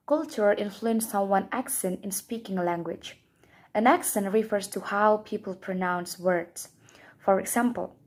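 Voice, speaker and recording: A woman's voice: medium pitch, a little mellow. A young woman, a student whose first language is Indonesian, reading her class presentation aloud from a script in a careful way.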